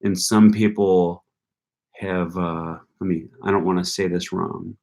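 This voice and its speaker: A young man answers viewer questions on a live stream in a relaxed, rambling way. His voice sits a little low, and he pauses often with ums while he thinks. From North Carolina. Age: young adult. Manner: casual, thinking aloud with frequent ums.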